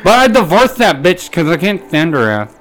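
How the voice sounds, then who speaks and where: Lively, animated podcast guy. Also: sits high, moderate pace. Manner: profane, rambling storytelling with frequent stammered restarts. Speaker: podcast co-host. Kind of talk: casual podcast chat.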